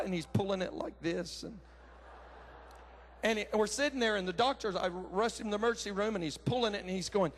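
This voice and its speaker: A man, preaching a sermon with folksy personal stories, animated and breaking into shouts. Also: high voice, fairly quick, slight background noise. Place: large conference hall.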